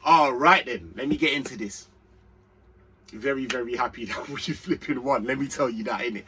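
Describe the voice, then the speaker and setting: A young man hosting an excitable, slangy fan reaction to a football match. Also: medium pitch, moderate pace, slightly rough. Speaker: football channel host.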